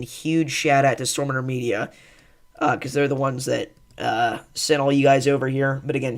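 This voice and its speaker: A young man hosting a weather livestream, chatting casually, rambling and thanking viewers. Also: mid-range voice. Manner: rambling, thankful, laughs with co-hosts.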